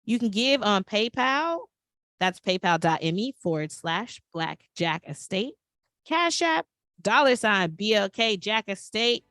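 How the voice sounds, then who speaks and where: A woman co-hosting a podcast, reading sponsor shout-outs in a playful, upbeat, sing-song way. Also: medium pitch, animated, a little slow, no room sound, studio quality. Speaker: podcast co-host.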